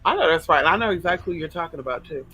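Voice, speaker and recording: Male livestream host, sassy and flamboyant, casual chat, bright fairly high voice. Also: animated, rapid-fire, faint music behind, rough recording. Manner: sassy, flamboyant, swears freely. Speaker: livestream host reading viewer comments.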